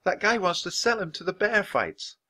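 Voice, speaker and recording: A man voicing a high, pleading little girl. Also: very animated, normal speed, sharp tone, full character voice. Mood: eager pleading. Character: eager, softhearted little girl.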